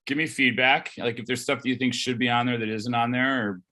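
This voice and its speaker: Male co-host with a bright, forceful voice, casual and halting, often restarting mid-sentence. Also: medium pitch, fairly even intonation. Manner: halting, repeats words as he restarts. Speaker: podcast co-host. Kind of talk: live podcast chat.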